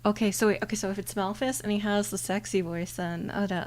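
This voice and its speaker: A woman streaming a game in a soft-spoken ASMR style, quietly playful and muttering to herself. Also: medium pitch, fairly even intonation, fast, hardly any pauses.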